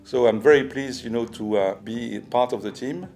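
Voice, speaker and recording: Brief: older French-accented man, mid-pitched, halting delivery, faint music underneath. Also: a little mellow. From France. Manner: halting, with many restarts and fillers. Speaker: business executive. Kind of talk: personal talk to camera.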